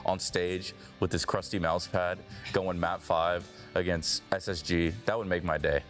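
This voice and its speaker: A man's voice: deep voice, little pitch movement, unhurried, a bit bright, soft background music. A man who is a support player in an esports tournament, joking and trash-talking playfully in a casual interview. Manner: teasing, playful trash talk.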